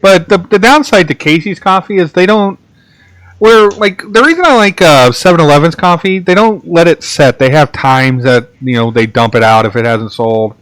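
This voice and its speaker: A man telling rambling casual stories in a relaxed chat, full of restarts and fillers. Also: a little high, moderate pace, dry recording. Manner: rambling storyteller, many restarts and "like"s. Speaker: podcast host.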